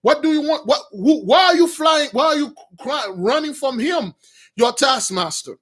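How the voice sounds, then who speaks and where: A man voicing a stern but not cruel ancient prince who speaks in an archaic, measured way. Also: extremely high pitch, lively intonation, a bit bright, pitched above the performer's own voice. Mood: questioning.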